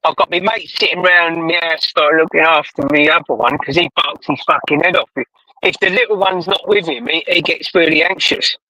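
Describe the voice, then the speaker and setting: High, bright-voiced swearing British man. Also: steady tone, a little fast, dry recording, low-quality recording. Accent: British English. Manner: rambling, swears a lot, chuckles. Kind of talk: casual chat.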